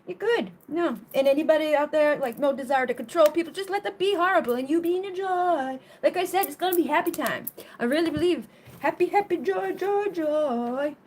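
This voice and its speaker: A woman's voice: sits high, animated, fast, few pauses, a little hiss or hum. A woman reading tarot on a casual live stream, rambling with lots of swearing, laughter and playful silly riffs on words. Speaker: tarot reader.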